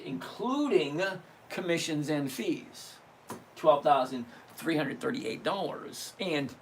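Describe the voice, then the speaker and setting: A man's voice: fairly high pitch, creaky, fairly bright tone, a little hiss or hum. A man in his sixties hosting a live trading stream, chatting casually, joking and swearing as he reads out numbers step by step. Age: 60s. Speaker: livestream trading host. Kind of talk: casual livestream teaching.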